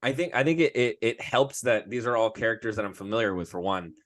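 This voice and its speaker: A low-pitched man speaking as a voice-actor guest on a podcast, in a loose, rambling conversational way with frequent restarts. The sound is dry and close, with no room echo. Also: quick pace, a bit bright. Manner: rambling with many restarts, breaking into character voices. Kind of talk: casual podcast chat.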